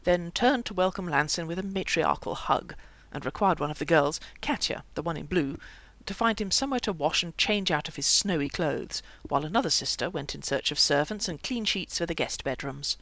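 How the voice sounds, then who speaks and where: A narrator reading a fantasy novel aloud in a lively, expressive way. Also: mid-range voice, a little fast, hardly any pauses, dry recording. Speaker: audiobook narrator. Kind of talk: audiobook narration.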